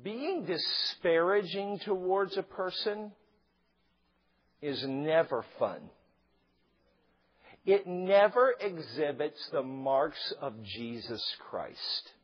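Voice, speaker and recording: A middle-aged male pastor preaching a sermon, animated and joking, acting out quotes along the way. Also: a little high, takes it slowly, pauses often, slightly rough. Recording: slightly dull lo-fi sound.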